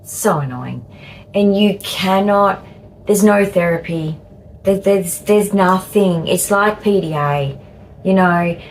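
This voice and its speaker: An Australian woman in her fifties vlogging in a halting, repetitive way with cheeky asides. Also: medium pitch, a little hiss or hum, poor audio. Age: 50s. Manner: slow, halting, repeats words, cheeky asides. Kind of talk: casual talk to camera.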